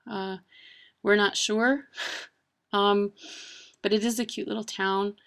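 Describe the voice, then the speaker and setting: Chatty woman with gravelly voice. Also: mid-range voice, level tone, slow, a bit bright. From Wisconsin, USA. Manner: chatty, frequent ums and uhs. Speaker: presenter of a language video. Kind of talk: casual informative talk.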